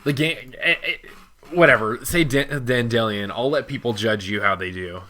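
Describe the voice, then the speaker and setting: A man's voice: mid-range voice, normal speed, pushed and bright, slight background noise. A man hosting a casual book club podcast, talking loosely with lots of 'like' and getting jokey and emphatic when he argues. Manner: loose, filler-heavy talk full of 'like'. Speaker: podcast host.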